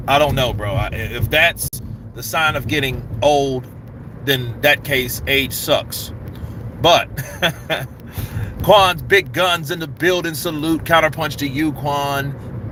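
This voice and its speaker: A man's voice: mid-range voice, noisy background. A middle-aged man hosting a boxing live stream, talking in a loose, rambling way and greeting viewers by name. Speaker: boxing channel host. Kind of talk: casual live-stream chat.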